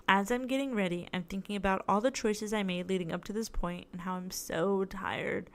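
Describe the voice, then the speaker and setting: Young female podcast host, casual rambling storyteller, smooth clear tone, tired and sore. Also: mid-range voice, moderate pace, fairly bright tone. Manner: rambling, chatty storytelling with many "like"s. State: tired, in tooth pain. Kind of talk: casual solo podcast chat.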